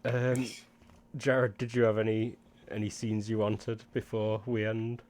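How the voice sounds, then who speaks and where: A man's voice: lowish voice, level tone, measured pace, a little mellow. A man running a tabletop game as game master, in a laid-back, joking manner. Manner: laid-back, laughs easily, swears casually.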